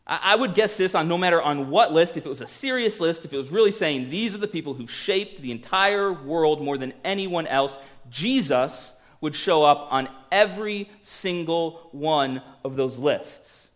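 Male pastor preaching, lively delivery that drops soft for key lines, fairly high pitch. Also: moderate pace, hardly any pauses. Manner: animated, swings between loud emphasis and hushed lines; acts out quoted voices. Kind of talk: sermon.

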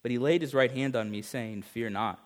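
A man preaching a sermon as pastor, emphatic, swinging between urgent rises and hushed passages. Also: mid-range voice, normal speed.

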